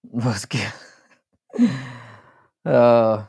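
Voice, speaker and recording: A man's voice: medium pitch, animated, extremely slow, vocal fry, a little mellow, slightly rough. Foul-mouthed British man chatting on stream. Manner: crude, swears often, greets chat by name. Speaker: live-stream host. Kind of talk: casual live-stream chat.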